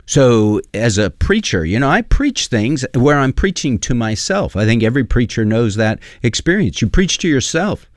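A man's voice: mid-range voice, sing-song, moderate pace, few pauses, no room sound, studio quality. A man preaching a sermon in an earnest, conversational way, with frequent fillers as he reads and explains scripture.

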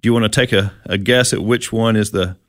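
A man's voice: lowish voice, steady tone, a little fast, a bit bright, dry recording, studio quality. A man co-hosting a Bible discussion, walking through verses one by one and putting questions to his partner in a casual teaching style. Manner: explains verse by verse and poses questions. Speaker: Bible study co-host.

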